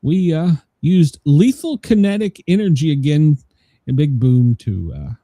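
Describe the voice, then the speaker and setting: A man's voice: a little high, lively intonation, a little slow, dark tone, no room sound. A man hosting a casual news commentary show, rambling with many fillers and laughing at his own jokes. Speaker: show host.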